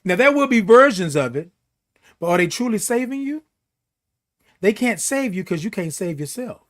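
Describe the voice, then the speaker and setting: High-voiced, emphatic motivational host. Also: male voice, very animated, normal speed, a bit bright. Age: middle-aged. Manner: emphatic and preachy, repeats key phrases, drags out words for stress. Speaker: host of a morning live show. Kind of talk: motivational live-stream talk, reading viewer comments.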